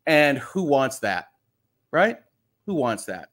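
A man's voice: medium pitch, very animated, slow pace, fairly bright tone. A middle-aged man hosting a casual live stream, chatting and joking while reading out viewer greetings. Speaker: host. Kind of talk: casual livestream chat.

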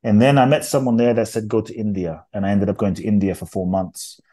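A middle-aged man recounts his past in conversation with a low, mellow voice. He speaks intensely and earnestly, leaning hard on key phrases as the story builds. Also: steady tone, a little fast. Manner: intense, earnest, emphatic retelling. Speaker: interview guest.

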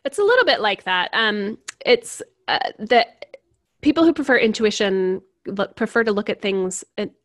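A woman guest explaining personality types in a casual interview, animated and laughing often as she acts out examples. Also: mid-range voice, normal speed, dry recording, studio quality. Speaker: certified personality type coach, guest.

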